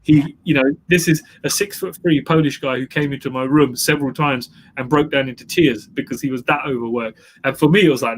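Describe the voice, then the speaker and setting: A man's voice: on the high side, fast, a bit bright, a little hiss or hum. A man who is a guest entrepreneur, telling his story in an emphatic interview style and repeating phrases for effect. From England.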